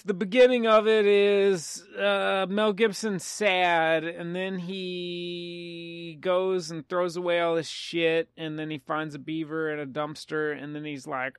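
A man's voice: a little high, steady tone, measured pace, clean tone, no room sound, clean studio sound. A man casually recapping a film's plot on a podcast, rambling and poking fun at himself. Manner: rambling, self-mocking plot summary. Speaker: podcast co-host. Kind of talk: casual movie-recap chat.

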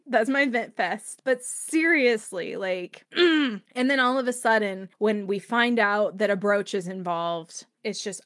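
Expressive woman hosting a book podcast. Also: fairly high pitch, unhurried, no echo, clean studio sound. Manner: expressive, opinionated, laughs often. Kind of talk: casual solo book discussion.

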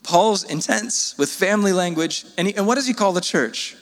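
A man preaching a sermon as pastor, earnest and pleading, his voice jumping up in pitch when he presses a point. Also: lively intonation, normal speed, in a large hall.

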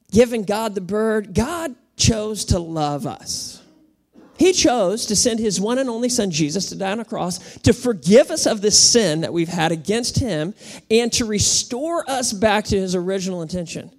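A woman pastor preaching to a congregation in an animated, playful way, calling on the room to answer back. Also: medium pitch, measured pace. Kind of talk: sermon. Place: church auditorium with congregation.

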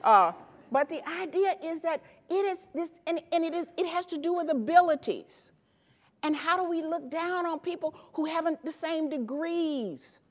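A woman in her fifties from Tennessee giving an animated, emphatic motivational keynote speech from a conference stage, hammering home punchy repeated phrases. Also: very high voice, normal speed. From Tennessee, USA. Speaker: keynote speaker. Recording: echoey hall with long reverb.

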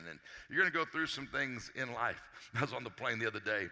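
A man giving an energetic motivational talk to a live audience as a success coach, joking and quizzing the crowd. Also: medium pitch, brisk, hardly any pauses, big-room sound. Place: large hall with a live audience.

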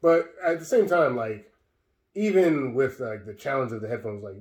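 A man in a relaxed film chat, thinking aloud with many "like"s and "um"s and swearing now and then. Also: medium pitch, moderate pace. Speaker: podcast co-host. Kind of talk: casual film discussion. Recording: roomy echo.

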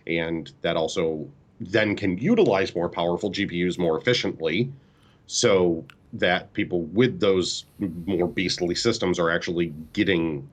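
A man co-hosting a podcast in a low-pitched voice. He explains technical details patiently and in plain terms, staying relaxed and casual throughout. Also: measured pace. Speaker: podcast co-host.

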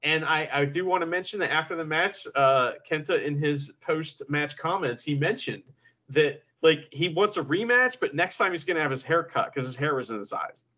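A man's voice: a little high, moderate pace, pushed and bright. A man co-hosting a podcast, chatting casually with playful, jokey asides. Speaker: podcast co-host. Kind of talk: casual chat. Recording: dull lo-fi audio.

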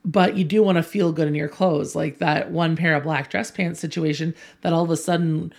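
A woman's voice: sits low, steady tone, moderate pace, creaky, a little mellow. A woman co-hosting a podcast, chatting casually and telling stories with frequent laughs. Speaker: podcast co-host. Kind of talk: casual chat.

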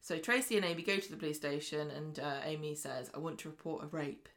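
A British woman co-hosting a podcast, briskly retelling soap episodes and acting out the characters' lines in casual chat. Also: low-pitched, a bit bright. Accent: British English. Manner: brisk storytelling recap, acting out quotes. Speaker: podcast co-host.

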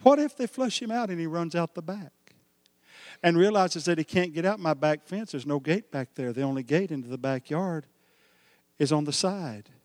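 Male preacher with a high voice, dramatic storytelling sermon delivery. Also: normal speed, dry recording, clean studio sound, big-room sound. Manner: animated storytelling preacher, swings from hushed to shouting. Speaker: pastor.

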